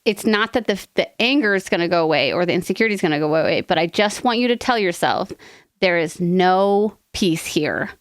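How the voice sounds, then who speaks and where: Woman, podcast co-host, smooth clear voice, dry close mic, earnest rambling advice. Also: medium pitch, expressive, no echo. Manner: warm, earnest, rambling with quick asides and laughs. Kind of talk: casual advice chat.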